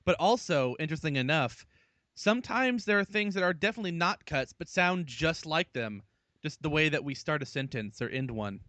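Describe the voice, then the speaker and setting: A man co-hosting a casual comedy podcast, wry and deadpan, firing off quick questions. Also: on the high side, dry recording. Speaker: podcast co-host.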